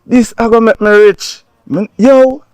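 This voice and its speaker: A man acting out a cocky young Jamaican street robber, bossy and boastful with a fairly high voice. He laughs often. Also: a little slow, a little mellow, dry recording. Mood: gloating.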